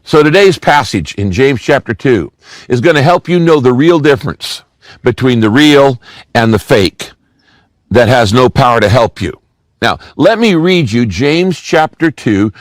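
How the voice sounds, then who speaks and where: Lively-voiced older man preaching. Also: medium pitch, measured pace, dry recording. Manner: teaching, repeats key phrases for emphasis. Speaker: pastor. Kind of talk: sermon.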